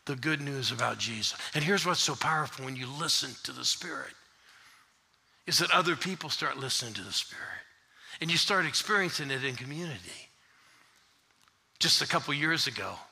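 An older man preaching a sermon, telling stories with animated swells into shouted refrains. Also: medium pitch, gravelly. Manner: animated preacher, rising to shouts when retelling another preacher. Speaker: pastor. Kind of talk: sermon storytelling.

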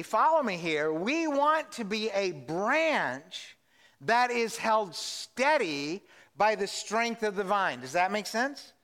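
A man preaching a sermon as pastor, animated and drawing answers from the congregation with questions. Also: sits high. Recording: long hall reverb.

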